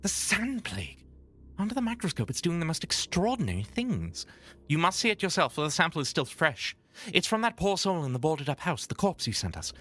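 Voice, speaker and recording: A woman's voice: sits low, sing-song, fairly quick, fairly bright tone, slightly rough, heavily acted. Woman reading as an eager lab assistant. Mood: urgent. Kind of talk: reading game dialogue aloud.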